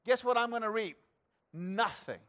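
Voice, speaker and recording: At a normal speed, a pastor preaches in an earnest, talk-like way, often speaking straight to his congregation. Quiet, low sections alternate with passages where he raises his voice for emphasis.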